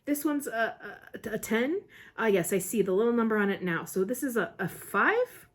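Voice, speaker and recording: A woman reading the part of a cheerful, flustered middle-aged wizard father who speaks brightly and nervously. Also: a little high, big pitch swings, normal speed, breathy edge. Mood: cheery nervous.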